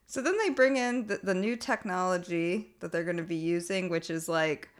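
A young woman in a relaxed podcast chat, her voice sitting a little low for a woman. She laughs easily and strings her thoughts together with lots of "like" and "um", mimicking the people she describes. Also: unhurried. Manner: laughs often, many "like" fillers, mocking quoted voices. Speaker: podcast co-host. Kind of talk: casual chat recapping a TV show.

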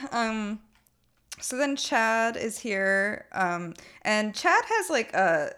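A woman's voice: fairly high pitch, very animated, drawn-out words, a bit bright, clear, resonant tone. A young woman casually recapping a TV episode as a podcast co-host, laughing often and filling her talk with "like". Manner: laughs often, many "like" fillers, mocking quoted voices. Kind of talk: casual chat recapping a TV show.

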